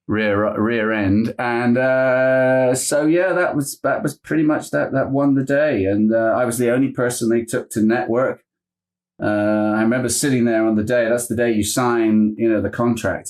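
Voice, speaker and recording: Animated actor telling stories. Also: male voice, on the low side. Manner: animated anecdotes with impressions. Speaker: guest actor. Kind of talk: casual interview storytelling.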